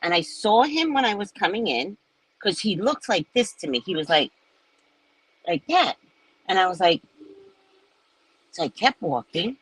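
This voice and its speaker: A woman's voice: mid-range voice, a little slow, pauses often, breathy edge, poor audio. A woman in her sixties, a psychic host, chatting casually to viewers and acting out the people in her stories. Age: 60s. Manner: animated, chatty, acts out quotes. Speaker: psychic reader and live host.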